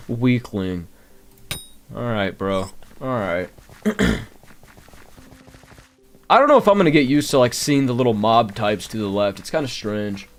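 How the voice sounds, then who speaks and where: A man's voice: fairly low pitch, slow pace, pauses often, slight background noise. A man doing live gameplay commentary, grumbling and talking to his chat. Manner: animated, grumbling, talks to chat. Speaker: game streamer.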